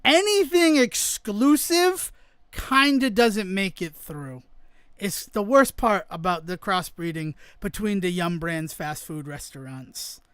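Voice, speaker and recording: A man co-hosting a podcast, telling a long story in a casual, animated way and acting out the lines of the people in it. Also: sits high, slow, clear, resonant tone, dry recording. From New England, United States. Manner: animated storyteller, acts out quoted dialogue. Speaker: podcast co-host.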